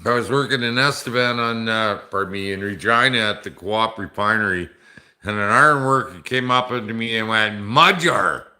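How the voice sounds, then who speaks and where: A man's voice: fairly low pitch, steady tone, normal speed, pushed and bright. A middle-aged man, a bit drunk, rambling and joking off-color with viewers on a casual livestream. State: tipsy from drinking. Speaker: livestream host.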